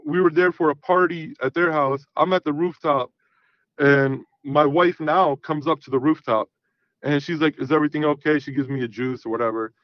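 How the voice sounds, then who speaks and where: A man's voice: fairly high pitch, moderate pace, no echo, highs cut off. Brash man telling a wild story. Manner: animated, profane, acts out quoted dialogue. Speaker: caller. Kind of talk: casual storytelling on a call-in show.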